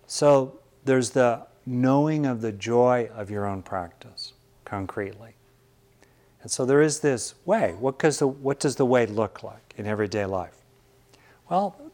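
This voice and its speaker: A man, a meditation teacher, giving a relaxed, conversational Buddhist dharma talk with wry humorous asides. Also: medium pitch.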